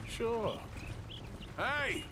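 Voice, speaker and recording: Arthur, a laconic, wry outlaw. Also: male voice, very high voice, animated, very slow, noisy background, exaggerated voice. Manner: dry, laconic. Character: dry, weary middle-aged outlaw gunslinger.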